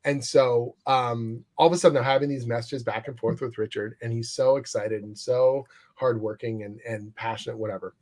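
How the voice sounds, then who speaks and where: Male guest in casual interview, animated storyteller, swears freely. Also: medium pitch, moderate pace, few pauses. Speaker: guest comics writer.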